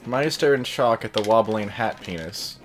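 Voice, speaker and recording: Over faint music, a man with a fairly low voice reads fan fiction at a moderate pace during gameplay. He keeps the reading plain and relaxed but keeps drifting into jokey, distracted comments.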